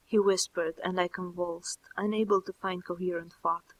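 A woman narrating a first-person story in a soft, slow, intimate reading. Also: on the low side, fairly even intonation, rough recording. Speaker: audiobook narrator.

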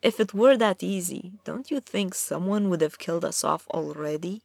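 A woman's voice: normal speed, creaky, darkish tone, no room sound. A woman voicing a sly, menacing male trickster god who mocks and threatens in a storybook reading. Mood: contemptuous. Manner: mocking, amiable then low and dangerous.

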